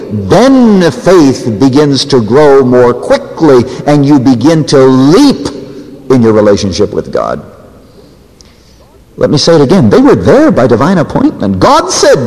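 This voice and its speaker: A man preaching a sermon, acting out quoted voices and swinging his pitch up and down for emphasis. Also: a little mellow. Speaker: pastor. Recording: reverberant hall.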